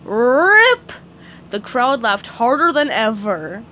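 A woman reading a children's picture book aloud, expressive and clear. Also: fairly high pitch, moderate pace, slight background noise. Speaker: storybook reader.

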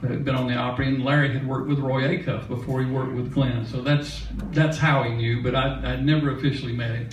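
A man's voice: mid-range voice, little pitch movement, fairly quick, hardly any pauses, background noise. An older man tells a folksy, rambling story from a concert stage, with a laugh slipping in here and there. His voice reaches the mic from a little way off and rings around a roomy hall, with faint crowd ambience behind. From Mississippi. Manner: folksy, chatty, laughing now and then. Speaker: musician telling a story on stage. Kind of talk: onstage storytelling. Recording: echoey concert hall from a distance.

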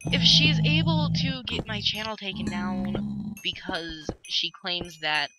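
A woman's voice: low-pitched, huge pitch swings, slow, over loud music, poor audio. A young woman hosting a casual gaming video, ranting with exasperation and breaking into giggles. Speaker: gaming channel host. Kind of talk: casual gameplay chat. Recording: loud background noise.

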